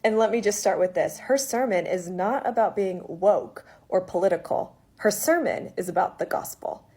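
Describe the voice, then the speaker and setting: A woman speaking in a measured, emphatic, preacher-like way in an opinion video. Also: mid-range voice, animated, a little mellow, husky.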